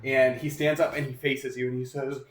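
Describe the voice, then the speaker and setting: A man's voice: mid-range voice, little pitch movement, moderate pace. A man narrating a tabletop game as game master, in a loose, rambling way with plenty of "uh" and "like". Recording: roomy echo, faint music behind.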